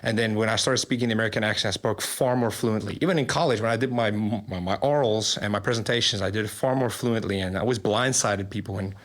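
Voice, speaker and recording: A young man from South Africa speaks as a podcast guest. His voice is a little low, and he answers openly and with animation, often breaking into a quick laugh. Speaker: guest, social media creator. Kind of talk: interview answers.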